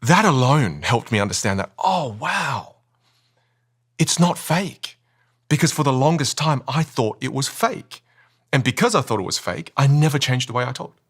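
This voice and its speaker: A man talks as a voice coach on a podcast, and his pitch swoops up and down as he makes his points. He speaks with energy and stress on key words, and he keeps asking rhetorical questions. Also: lively intonation, normal speed, breathy edge. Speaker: communication and voice coach, podcast guest. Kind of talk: animated explaining in a podcast interview.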